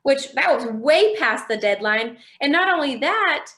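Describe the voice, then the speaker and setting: A woman's voice: sits high, expressive, measured pace, fairly bright tone. A young woman sharing her faith testimony in an interview, telling it expressively and acting out quoted dialogue. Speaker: interview guest.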